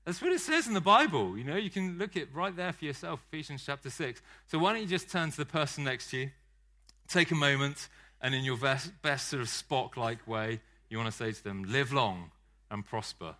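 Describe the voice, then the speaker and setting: A man preaching a sermon with a bright, forceful voice. He talks to the congregation in a relaxed, conversational way. He mixes jokes and self-deprecating asides into the message. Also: a little high, brisk.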